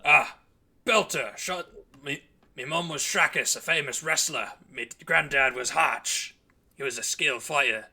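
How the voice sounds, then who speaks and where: A man voicing a boisterous orc wrestler who is proud of his family, with loud, hearty exclamations. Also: a little high, measured pace, husky, heavily acted. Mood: boastful.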